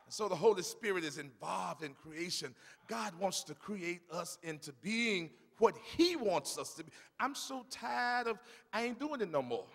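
Fervent high-voiced preacher in echoing church. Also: male voice, animated, normal speed, vocal fry, fairly bright tone. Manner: fervent preaching, calls for congregation responses. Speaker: pastor. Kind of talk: sermon. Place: church sanctuary. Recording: long reverb of a church sanctuary.

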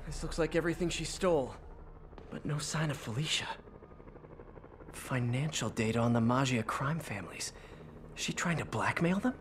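A man's voice: medium pitch, normal speed, pauses often, slight background noise, lightly acted. A man voicing a wisecracking young male superhero in a video game, with dry, joking asides. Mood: wry. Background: game music.

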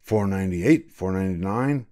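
A man's voice: low voice, lively intonation, normal speed, mellow. A man voicing a weary, fussy old royal scribe in a storybook reading, counting in a tired, plodding way.

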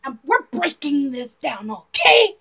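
Young woman gushing over a trailer, really high squeaky voice, drawn-out slow talk, giggly and loud. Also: faint music behind. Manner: giggly and excitable, bursts into shouts. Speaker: vlogger reacting to a trailer. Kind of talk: excited reaction commentary.

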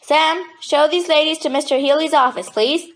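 A pompous, loud old commissionaire who barks his greetings like a former sergeant major, as a woman reading the story puts him on. The voice sits a little high and pushes its volume in a plain storybook telling. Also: steady tone, moderate pace. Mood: booming. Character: booming old male hotel commissionaire, proud ex-sergeant. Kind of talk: audiobook character voice.

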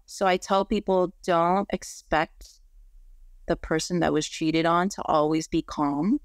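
A woman with a low voice speaks earnestly in a relaxed interview, tagging her points with "right?" as she explains them. The sound is dry and close, with no room around her. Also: unhurried, no room sound. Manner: frequent "right?" tag questions, earnest and explanatory. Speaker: marriage and family therapist, guest. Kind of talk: conversational interview.

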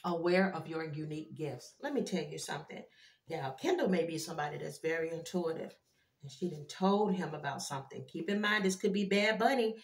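A woman doing a casual tarot card reading for her viewers, animated and chatty, with frequent exclamations. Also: low-pitched, brisk. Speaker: tarot reader. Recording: echoey room.

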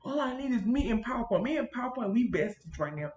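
A woman chatting casually to her viewers while she sets up a video, rambling and animated, recorded at home on a built-in computer mic. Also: on the high side, fast, roomy sound, lo-fi sound. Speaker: gaming YouTuber. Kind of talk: casual chatty vlog narration. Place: home room near a busy street.

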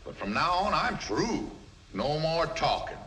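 A wisecracking talking mule. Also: male voice, a little high, very animated, unhurried, bright, forceful tone, slight background noise, heavily acted, rough recording. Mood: sardonic. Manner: sardonic, bossy, wisecracking. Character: wisecracking talking male mule, gruff and impatient. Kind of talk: 1950s film comedy acting.

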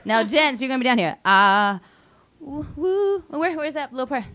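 High-voiced woman teaching a worship song. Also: animated, brisk, sharp tone. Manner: playful, laughing, coaching the audience. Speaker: worship leader. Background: guitar music.

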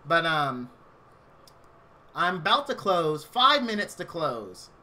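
A man in his thirties spins a chatty, rambling story for his stream viewers. His voice sits a little high and rings bright and forceful. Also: sing-song, takes it slowly. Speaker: game streamer. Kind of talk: casual storytelling on a live stream.

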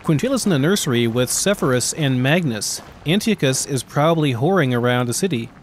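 A man voicing a calm, wry, diplomatic prince while reading a game book aloud. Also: mid-range voice, a little fast, slight background noise, natural voice. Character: smooth diplomatic adult prince, wry and scheming.

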